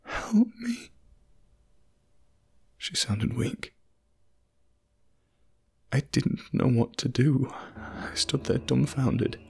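A man narrating a scripted first-person horror story in a measured, grim way. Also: medium pitch, fairly even intonation, gravelly, breathy edge.

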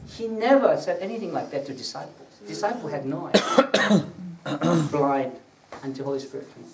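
A man with a fairly high voice teaches a sermon and keeps checking that his listeners follow him. He swells louder on scripture quotes. He sounds set back from the mic in a reverberant room, with a faint hiss underneath. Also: expressive, moderate pace, distant mic. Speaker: preacher. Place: prayer gathering room.

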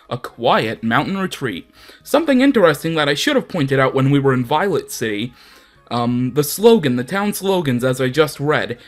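Young male gaming host, casual and rambling, lively swings in pitch. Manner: chatty, rambling, self-deprecating. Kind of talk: casual let's play commentary.

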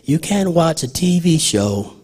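A man's voice: a little high, sing-song, unhurried, darkish tone, breathy edge. An older man preaching a sermon in church in a conversational way, asking the congregation questions. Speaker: pastor.

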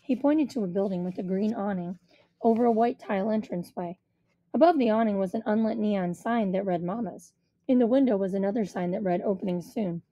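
A woman reading a first-person children's storybook aloud in a measured storytelling manner. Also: medium pitch, warm tone, no room sound, highs cut off. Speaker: audiobook reader.

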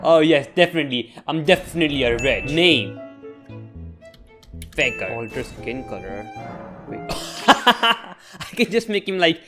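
A young man reacting loudly to a video game he has never played, tripping over his words and swearing when he loses. His voice sits a little high and jumps about, bright with disbelief. Game music runs clearly underneath. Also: a little slow, long pauses. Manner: excitable, swearing, stammering, frequent laughter. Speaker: gaming YouTuber. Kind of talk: comedic gameplay commentary.

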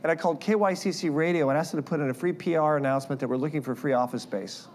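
Animated male preacher telling stories. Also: fairly high pitch, racing, noisy background. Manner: animated, acts out quoted voices. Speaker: guest speaker. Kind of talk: sermon with personal storytelling.

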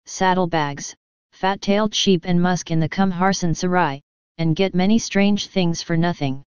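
A woman reading an audiobook in steady, measured scripted narration. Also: fairly low pitch, clean tone, dry recording. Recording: dull, dry, lo-fi audio.

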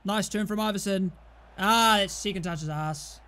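A young British man giving live, excitable commentary over a football video game, swearing and shouting at his computer teammates. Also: sits high, normal speed, a little hiss or hum. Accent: British English. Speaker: gaming YouTuber.

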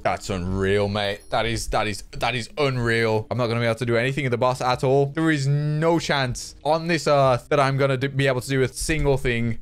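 A young man giving excitable live commentary over his gameplay, swinging from groans to shouts. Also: mid-range voice, smooth. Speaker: gaming YouTuber.

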